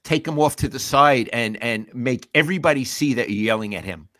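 An older man co-hosting a sports podcast, talking casually in a measured way, asking questions and summing up points. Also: medium pitch, animated, bright, forceful tone, no room sound. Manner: measured, asks questions and sums up.

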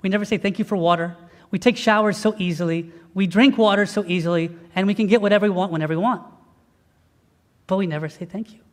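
High-voiced priest preaching in a hall. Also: male voice, fast. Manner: storytelling, animated and conversational. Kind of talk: sermon.

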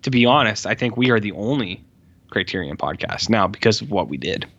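A man's voice: on the low side, animated, a little fast, a bit bright. A man co-hosting a podcast, chatting casually about films in a hesitant, joking way. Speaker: podcast co-host. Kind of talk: casual film discussion. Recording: dull lo-fi audio.

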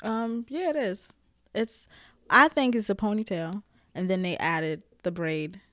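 A woman co-hosting a podcast, chiming in with laid-back, profane comments and quick agreement. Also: mid-range voice, a bit bright, no echo, studio quality. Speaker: podcast co-host. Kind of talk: casual chat.

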